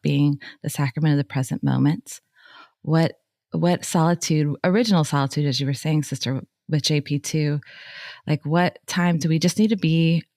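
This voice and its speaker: A woman co-hosting a faith podcast talks in a low voice, lively and quick to laugh, peppering her speech with "like." The sound is dry and close, with no room around her. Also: vocal fry, dry recording. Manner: animated, laughing, lots of "like". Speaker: podcast co-host. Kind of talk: casual faith chat.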